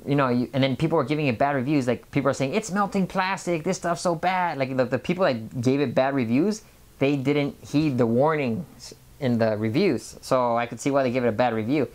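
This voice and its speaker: Casual vlogger of Mexican background, rambling monologue, mid-pitched voice, lots of restarts. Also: a little fast, darkish tone. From Mexican family background. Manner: rambling, many restarts and repeated words. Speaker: health vlogger.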